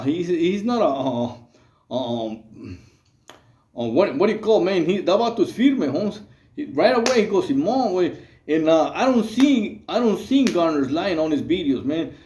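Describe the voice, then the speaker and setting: A man's voice: high voice, a little mellow, roomy sound. A man hosting his channel, talking in a loose, rambling, streetwise way full of fillers. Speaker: channel host. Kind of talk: casual monologue to camera.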